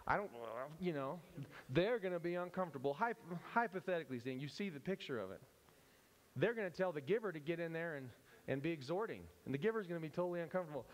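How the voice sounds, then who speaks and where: A man teaching at a church service, animated and playful, often breaking off and restarting as he acts out examples. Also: fairly high pitch, quick pace. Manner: animated, self-interrupting, playful. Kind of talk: church teaching with acted-out scenes.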